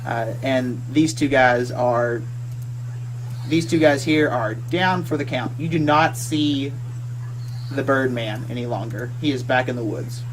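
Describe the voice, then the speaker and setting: A man narrating a tabletop game as game master, halting and full of restarts. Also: mid-range voice, noisy background. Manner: halting, many fillers and restarts.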